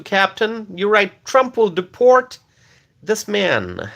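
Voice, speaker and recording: Lively, high-pitched livestream host man. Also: takes it slowly, vocal fry. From Bangladesh. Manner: animated, repeats questions, laughs often. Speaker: livestream host reading chat. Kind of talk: live stream chat reading.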